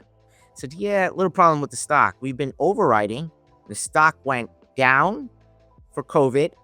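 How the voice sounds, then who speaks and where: A man's voice: mid-range voice, bright, forceful tone, dry recording. A man speaking as a podcast guest, telling a story in casual conversation, rambling with many restarts and voicing the people in it. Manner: rambling, many restarts, acts out quoted dialogue. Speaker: podcast guest, options trader.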